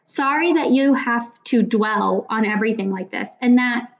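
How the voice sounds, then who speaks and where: A woman's voice: a little high, moderate pace, lightly acted. A sullen girl in a children's story, voiced by a woman reading aloud. Her words carry a bitter, muttering edge. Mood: apologetic.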